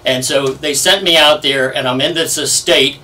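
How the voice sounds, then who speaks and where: A man in his seventies telling stories in an oral history interview, lively and full of fillers. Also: on the high side, moderate pace. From United States. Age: 70s. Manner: lively anecdotal storyteller, many fillers. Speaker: Navy veteran interviewee. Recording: distant from the mic.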